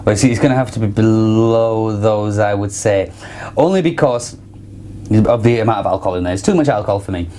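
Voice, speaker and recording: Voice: mid-range voice, brisk, warm tone, slight background noise. A speaker co-hosting a casual wine tasting chat, musing and hesitant with frequent restarts. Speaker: wine show co-host.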